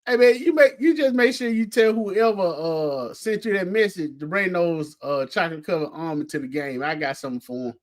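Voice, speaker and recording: A man's voice: high-pitched, a little fast, hardly any pauses. A man cohosting a casual sports chat, teasing his partner and telling stories. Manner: storytelling, teasing, laughing.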